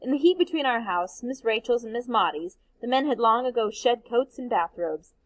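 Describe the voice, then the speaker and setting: A woman, a teacher, reading a novel aloud in a steady, expressive way. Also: fairly high pitch, moderate pace, no room sound, rough recording.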